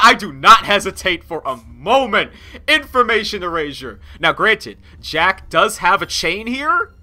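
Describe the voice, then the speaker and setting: A man giving excitable gameplay commentary, laughing often and swinging from loud outbursts to low mutters. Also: measured pace. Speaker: game streamer.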